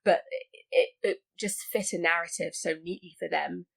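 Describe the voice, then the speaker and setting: A woman's voice: on the low side, steady tone, normal speed, creaky. A woman talking casually about a film as a podcast guest, full of likes and restarts. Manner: chatty, many likes and restarts.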